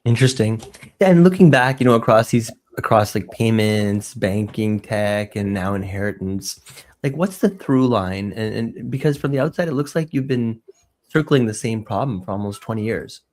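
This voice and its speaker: A man's voice: on the low side, moderate pace, darkish tone. A man hosting an interview, asking eager casual questions packed with "like" fillers. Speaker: podcast host.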